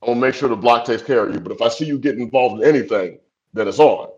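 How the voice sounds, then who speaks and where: A man voicing a tough young street guy who is guarded but protective, speaking in clipped street slang, in a slightly higher voice than his own. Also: very fast, darkish tone, highs cut off, close to an everyday voice.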